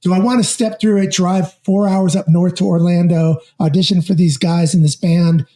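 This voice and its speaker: A man in his fifties, a podcast guest telling stories in a lively, jokey and self-deprecating way. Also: high-pitched, moderate pace. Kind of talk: casual storytelling chat.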